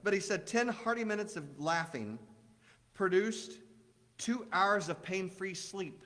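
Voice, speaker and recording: Man, preacher, sermon, chatty, rather high voice, long church reverb. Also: lively intonation, a little slow, fairly bright tone. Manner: conversational, asks the congregation questions.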